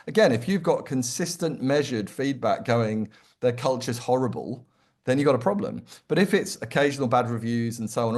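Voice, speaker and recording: A man, a consultant guest in an interview, answering at length in a lively, emphatic way and acting out quoted lines. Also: medium pitch. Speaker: employer brand consultant, guest.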